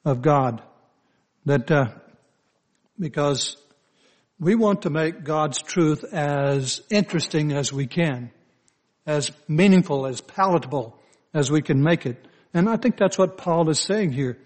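An older man with a Southern accent delivers a sermon like a homespun story. He talks slowly and loosely, padding his sentences with "you know" and "uh" as he goes. His voice sits a touch higher than most men's. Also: lively intonation. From Southern United States. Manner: slow, folksy storytelling with frequent "you know, uh" fillers. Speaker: preacher.

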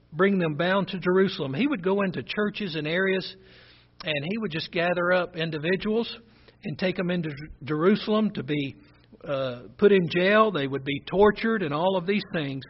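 A man with a rural Southern American accent preaches a sermon in a fairly high, husky voice. He talks earnestly and conversationally and reads scripture aloud. The recording sounds dull and lo-fi. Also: moderate pace.

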